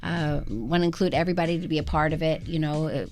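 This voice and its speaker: Low-voiced chatty woman guest on radio. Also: fast talker, darkish tone, faint music behind. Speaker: musical co-creator, guest. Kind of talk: casual interview chat. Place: radio studio.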